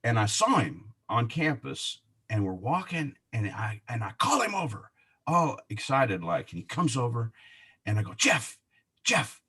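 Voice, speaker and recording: A man telling a personal faith story in conversation, animated and laughing often, with many restarts. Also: medium pitch, normal speed, breathy edge. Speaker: guest.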